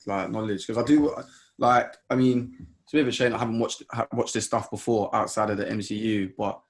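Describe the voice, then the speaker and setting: A man's voice: lowish voice, steady tone, brisk. A man co-hosting a podcast, chatting casually and hesitantly, hedging with fillers. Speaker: podcast co-host. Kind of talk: casual chat.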